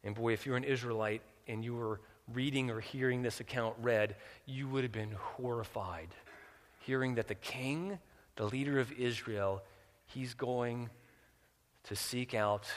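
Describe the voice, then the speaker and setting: A man preaching a sermon. He drops low and quiet, then climbs loud and high for emphasis, often repeating words as he restarts. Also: measured pace. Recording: long reverb, large hall.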